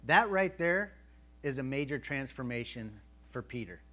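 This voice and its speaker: A man's voice: medium pitch, animated, normal speed, fairly bright tone. A male pastor preaching a sermon in a conversational way, acting out the voices of a Bible story and checking in with his listeners. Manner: checks in with the audience.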